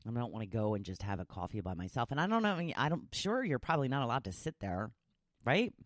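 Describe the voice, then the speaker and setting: A woman's voice: a bass voice, sing-song, fast, no echo, studio quality. A woman hosting her own podcast, chatting casually and teasing herself, then turning encouraging and motivational. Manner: chatty and self-teasing, jokes and laughs at herself. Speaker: podcast host. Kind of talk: casual solo podcast monologue.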